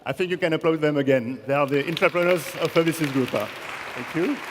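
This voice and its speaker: A man's voice: a little high, quick pace, a crowd in the background. A man hosting an awards ceremony on stage, courteously calling people forward and introducing speakers. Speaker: ceremony host. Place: large conference hall. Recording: hall reverb, audience and ambient noise.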